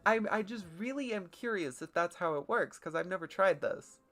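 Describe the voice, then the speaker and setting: A woman's voice: lowish voice, lively intonation, normal speed, a bit bright, soft background music. A woman streaming a game, chatting casually in a rambling, self-deprecating way and swearing now and then. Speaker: let's play streamer. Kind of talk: casual gameplay commentary.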